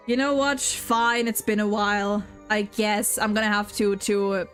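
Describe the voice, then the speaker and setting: A woman's voice: mid-range voice, a bit bright. A young woman streamer chatting casually while gaming, rambling with lots of restarts and repeated words. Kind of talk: casual gaming livestream chat.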